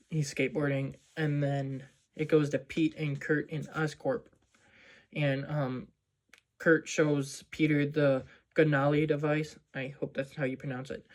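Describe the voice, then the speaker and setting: A man with a slightly high voice talks through a movie's plot in a loose, casual way. He rambles and fills his speech with "um" and "like" as he goes. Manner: rambling, many fillers like "um" and "like". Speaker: movie reviewer.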